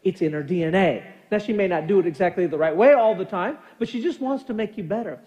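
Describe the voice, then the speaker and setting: A middle-aged man preaching a sermon as pastor, telling animated family stories and acting out quoted lines. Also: sits high, fast talker, muffled recording. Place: church sanctuary. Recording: long church hall reverb.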